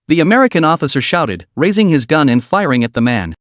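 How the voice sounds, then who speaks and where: Guy narrating a comic recap, bouncy pitch, a bit high, dry close sound. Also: very animated, fast talker, hardly any pauses, no echo. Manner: dramatic storytelling.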